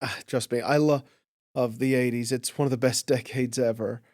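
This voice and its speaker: A man's voice: mid-range voice, fairly even intonation, moderate pace, darkish tone, no echo, clean studio sound. A young man in his twenties, a podcast guest, who talks earnestly and hesitantly with many fillers. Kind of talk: casual interview chat.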